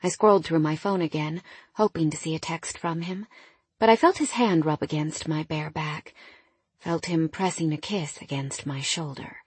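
Woman narrator for first-person romance; soft, breathy, slightly low voice, dry recording. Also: normal speed, no echo. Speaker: audiobook narrator.

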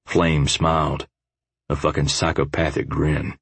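A man narrates an audiobook in the first person, gritty and profane. His voice sits very low and husky. The recording is dry and close. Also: flat delivery, unhurried, fairly bright tone, no room sound.

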